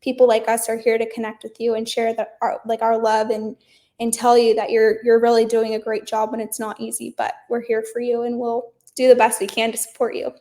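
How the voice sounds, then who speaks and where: A young woman speaks as a podcast guest, chatty and full of fillers. Her voice is fairly high but stays flat, with little rise or fall. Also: brisk. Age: young adult. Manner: chatty, leans heavily on "like" and "um". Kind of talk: casual interview chat.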